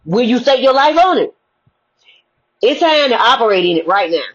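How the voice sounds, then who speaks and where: A woman's voice: fairly high pitch, big pitch swings, normal speed. A woman giving a preachy motivational spiritual talk, casual and full of rhetorical questions. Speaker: spiritual speaker. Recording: dull lo-fi recording.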